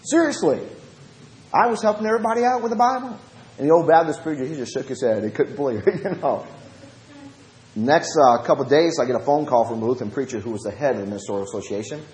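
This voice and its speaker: Southern preacher telling lively stories. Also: male voice. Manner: lively anecdotes, shifts between fast and slow low talk. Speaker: preacher and Bible study teacher. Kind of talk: storytelling lesson. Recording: roomy echo.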